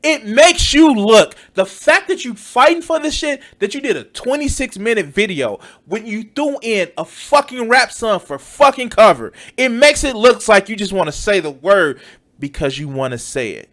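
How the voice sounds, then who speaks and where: Male reaction streamer, high and animated, slow and mocking, heavy swearing. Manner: mocking, exasperated, swears often. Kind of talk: profane reaction commentary.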